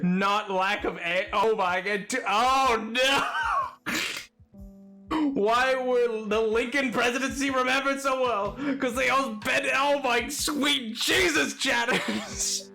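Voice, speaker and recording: A young man streaming, bantering with his chat in an excitable way, stammering over repeated words and breaking into laughter often. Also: very high voice, takes it slowly, gravelly, over music.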